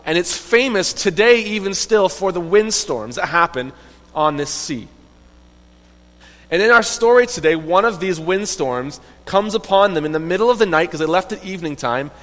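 Animated high-voiced man teaching a Bible story. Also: moderate pace, in a large hall, low-quality recording. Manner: animated, conversational, asks listeners questions. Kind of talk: storytelling Bible lesson for children.

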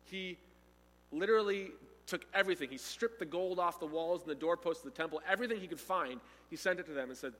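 A man preaching a sermon, retelling a story with animated delivery and acting out the quoted speakers. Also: a little high, fast, long reverb tail.

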